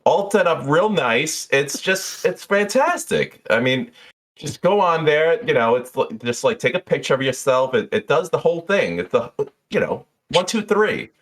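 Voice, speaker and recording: A man voicing a shrill, excitable female bartender who gushes and calls people honey and baby. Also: normal speed. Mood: gushing.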